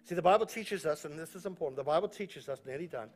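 High-voiced New pastor preaching. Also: male voice, fast talker, hardly any pauses. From New Zealand. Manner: emphatic, repeats key phrases, jokey storytelling. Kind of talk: sermon. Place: church auditorium.

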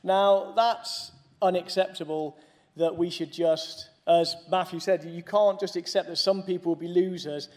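A man's voice: high voice, fairly even intonation, unhurried, darkish tone. A man giving a conference keynote speech, mixing serious points with humorous asides to the audience. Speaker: conference speaker.

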